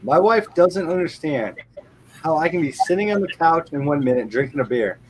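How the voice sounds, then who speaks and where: A man's voice: on the high side, lively intonation, moderate pace, background noise. A man hosting a live show, telling rambling everyday stories and swearing freely in casual chat.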